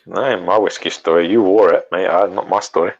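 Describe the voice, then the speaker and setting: A man's voice: sits low, fairly even intonation, a little fast, gravelly. A man bantering bluntly and profanely with friends. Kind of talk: casual banter. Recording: dull lo-fi sound.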